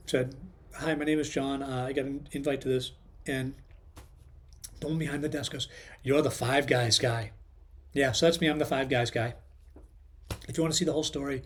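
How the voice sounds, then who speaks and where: A man hosting his own channel, telling a personal story in a casual, rambling way with many ums and restarts. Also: mid-range voice. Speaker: channel host.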